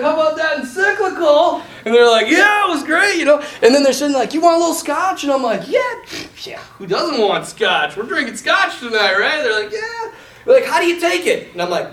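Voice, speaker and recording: Animated storyteller man in an echoey room. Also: high-pitched, far from the mic. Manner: animated, self-mocking, acts out quoted voices. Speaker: priest telling a story. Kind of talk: lively storytelling talk.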